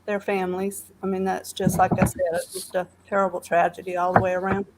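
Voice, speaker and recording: A woman's voice: lowish voice, completely flat delivery, very noisy. A woman with a Southern accent calling in to a live stream, talking earnestly with lots of fillers and restarts. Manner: earnest, halting with many fillers. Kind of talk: casual call-in chat.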